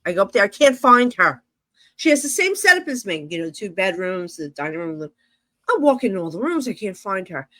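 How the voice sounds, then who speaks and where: A woman's voice: mid-range voice, sing-song, brisk, fairly bright tone, dry recording. A middle-aged woman from New Jersey, a psychic medium telling stories in a casual interview, rambling and full of fillers like "you know".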